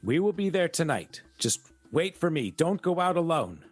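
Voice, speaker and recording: A man's voice: on the high side, big pitch swings, normal speed, slightly rough, soft background music, pitched above the performer's own voice. A man voicing an older male benefactor with an Austrian accent, giving clipped orders over a crackly radio. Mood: commanding. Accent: Austrian, as put on.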